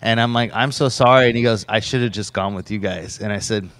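A man's voice: on the low side, quick pace, a bit bright. A man co-hosting a livestream who tells a long casual story about his day, rambling with many repeats of "he goes" and raising his voice to act out quotes. He is tired and his voice is off tonight. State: voice problems, tired from a busy day. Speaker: co-host, vending operator.

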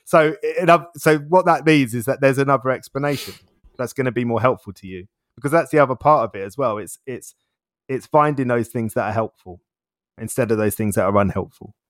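A man's voice: medium pitch, fairly quick, no room sound, clean studio sound. A man as an interview guest, talking in a reflective, casual way, laughing often and repeating words as he thinks.

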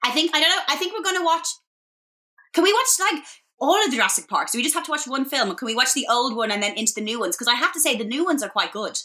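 Chatty Irish woman with a bright voice. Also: sits high, quick pace. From Ireland. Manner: chatty, animated storytelling with many fillers. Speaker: podcast guest. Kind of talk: casual chat.

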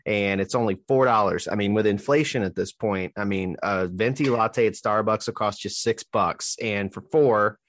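A man from Alabama hosting a casual podcast chat in a relaxed, chatty way. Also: on the low side, moderate pace, hardly any pauses, dry recording. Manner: relaxed, chatty, plugs the show. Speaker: podcast host.

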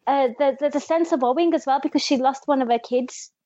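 A woman's voice: sits high, brisk, mellow, no echo. Woman on a dull lo-fi mic. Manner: earnest, retells scenes at length. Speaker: podcast co-host. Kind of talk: casual chat recapping a TV episode.

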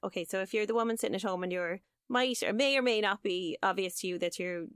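A woman's voice: mid-range voice, quick pace, clear, resonant tone, dry recording, clean studio sound. A woman co-hosting a podcast, talking through scenarios in a chatty way. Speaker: podcast co-host. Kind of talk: casual discussion.

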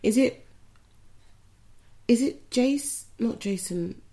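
A young woman co-hosting a casual podcast, chatting with blunt, quick reactions. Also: fairly high pitch, dark tone. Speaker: podcast co-host. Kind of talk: casual chat.

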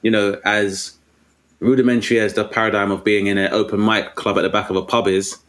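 Fast-talking comedian, low voice. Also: male voice. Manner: articulate, animated storytelling with put-on voices. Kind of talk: casual conversation.

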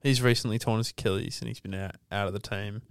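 A man's voice: on the low side, steady tone, fast talker, gravelly, clear, resonant tone, no room sound, clean studio sound. A young man, co-hosting a casual podcast and telling stories with emphasis, acting out the quotes inside them. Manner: storytelling, emphatic, acts out quotes. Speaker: podcast co-host. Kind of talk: casual chat.

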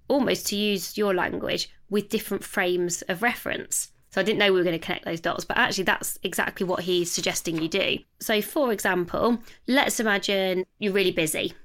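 A woman's voice: on the low side, fairly bright tone. A woman in her thirties co-hosting a casual book chat, thinking aloud and restarting her sentences. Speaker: podcast co-host. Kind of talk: casual chat about books.

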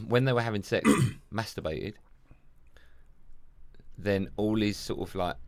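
A man's voice: fairly low pitch, unhurried. A man hosting a podcast, telling crude joking stories in casual chat. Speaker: podcast host.

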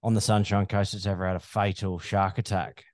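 A laid-back man co-hosting a casual running podcast. His voice sits very low, and the sound is close and dry with no room around it. He swears now and then without any edge. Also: flat delivery, brisk, darkish tone, no room sound. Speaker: podcast co-host. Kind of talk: casual chat.

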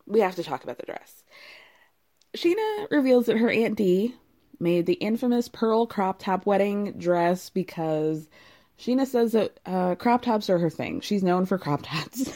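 A woman's voice: medium pitch, warm tone. A young adult woman recapping a reality show in casual, wry chat, laughing often.

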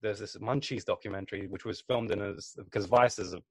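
A man's voice: fairly low pitch, quick pace, gravelly, no echo, poor audio. A man hosting a casual podcast chat, telling a story with lots of laughter and swearing.

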